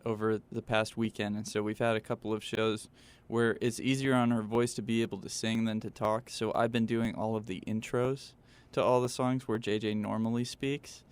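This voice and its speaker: A man's voice: fairly low pitch, level tone, moderate pace, few pauses, clear, resonant tone. A man who plays guitar in a band, joking dryly while being interviewed in a radio studio. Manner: dry, joking. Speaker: guitarist and backup singer. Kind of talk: casual interview chat.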